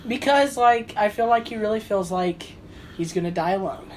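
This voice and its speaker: A man's voice: high voice, moderate pace, slight background noise. Jokey, enthusiastic male podcast co-host. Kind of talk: casual podcast chat.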